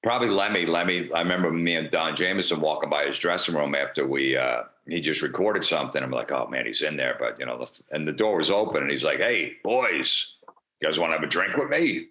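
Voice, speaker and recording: A comedian being interviewed, telling rambling, profane, laid-back anecdotes in a casual way. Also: male voice, a bass voice, fast talker, hardly any pauses, bright, forceful tone, roomy sound. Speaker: comedian guest.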